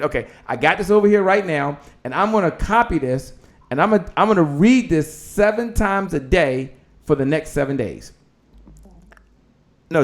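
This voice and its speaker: A man hosting a live online business show, talking with energy and leading the audience in call-and-response declarations like a preacher. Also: fairly high pitch. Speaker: host. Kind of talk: live-stream motivational talk.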